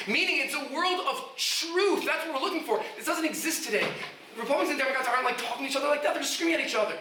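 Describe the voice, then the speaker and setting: A man, a guest rabbi, giving an animated informal talk to yeshiva students, often shouting, laughing and restarting his sentences. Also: extremely high pitch, fast talker, recorded from a distance, slight background noise. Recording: echoey room, speaker away from mic.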